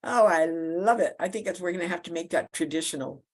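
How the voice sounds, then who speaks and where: A woman moderating an online discussion and closing it, halting with many fillers and repeated words. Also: lowish voice. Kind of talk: closing remarks on a video call. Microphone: video call.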